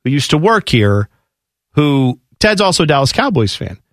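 A male radio co-host riffs in casual banter, throwing in quick asides and mock quotes. His voice sits a little high and moves around a lot. The studio sound is dry and close. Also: very animated, dry recording.

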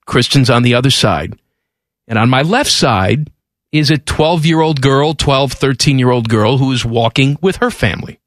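A male radio host telling a story in a lively, emphatic, exasperated way in a studio. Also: mid-range voice, moderate pace, no echo. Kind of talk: animated storytelling on talk radio.

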